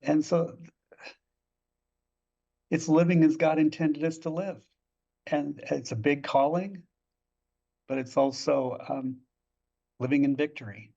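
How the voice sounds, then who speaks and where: A man's voice: on the high side, steady tone, slow pace, gravelly, pauses often, mellow. A man on a podcast speaking in an affirming, pastoral way. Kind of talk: podcast conversation. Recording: dull, distant audio.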